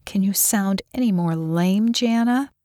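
A woman voicing a sleepy, tongue-tied young nurse with a voice raspy from sleep. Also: mid-range voice, measured pace, warm tone, no echo, studio quality, voice pushed up, natural voice. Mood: flustered. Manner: grumbling, nervous.

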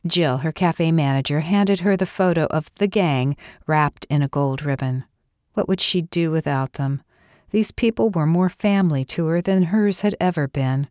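A woman reads a novel aloud in a low, grounded voice, measured and expressive. The sound is close and dry with no room around it. She paces the story calmly. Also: dry recording. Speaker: audiobook narrator. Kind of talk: scripted narration.

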